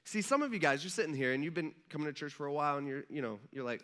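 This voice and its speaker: A male pastor preaching a sermon in a conversational, energetic way, often asking the audience questions. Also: on the high side, racing.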